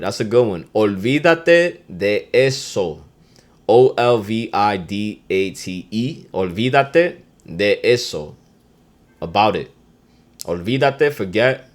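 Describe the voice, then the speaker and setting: Low-voiced man hosting a casual podcast. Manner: loud, emphatic delivery of Spanish phrases; laid-back street slang. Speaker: podcast host. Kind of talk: casual slangy lesson.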